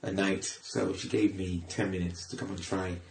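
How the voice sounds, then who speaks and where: A middle-aged man from England, a comedian chatting casually on a podcast, animated, repeating himself, with sudden loud rises. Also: low-pitched, normal speed, reverberant, a little hiss or hum. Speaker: comedian guest.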